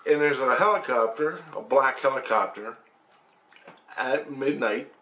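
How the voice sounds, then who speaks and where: A man from Canada recounts a strange night in a loose, conversational voice. He acts out sounds and voices, drops casual curses and chuckles between lines, at an ordinary mid pitch. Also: measured pace. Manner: animated, imitates rotor sounds and acts out quoted voices; swears casually, laughs while telling. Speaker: storyteller. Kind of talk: casual first-person storytelling.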